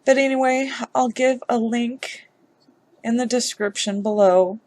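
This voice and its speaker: A woman vlogger giving emotional commentary on a news story, upset and halting, with sighs. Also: on the high side, darkish tone.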